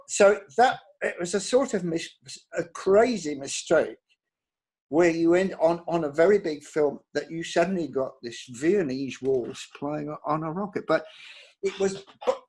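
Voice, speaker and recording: An older man, a composer, telling career anecdotes in an interview with a halting, restarting delivery. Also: on the high side. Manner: halting, restarts words often, lively storytelling.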